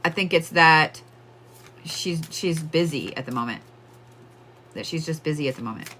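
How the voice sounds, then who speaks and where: A woman's voice: deep voice, normal speed, fairly bright tone, slight background noise. A woman giving casual psychic readings on a livestream, chatting with viewers and laughing often.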